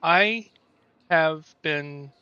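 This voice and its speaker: A man's voice: fairly high pitch, drawn-out words, bright, forceful tone, clean tone, dry recording, highs cut off. A man casually commenting on a game he is playing, playful and laughing often. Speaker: gameplay streamer.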